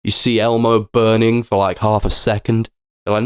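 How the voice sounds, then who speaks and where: A man's voice: fairly low pitch, flat delivery, moderate pace, clean tone, no room sound, clean studio sound. A young man co-hosting a podcast, chatting loosely about films, rambling and swearing, and sometimes slipping into silly voices to act out what the characters say. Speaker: podcast co-host. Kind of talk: casual film chat.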